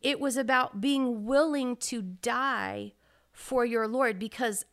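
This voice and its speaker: A woman's voice: fairly high pitch, slow pace, creaky, a bit bright. A middle-aged woman co-hosting a faith podcast, telling a story earnestly with many restarts. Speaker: podcast co-host. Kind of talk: casual faith podcast talk.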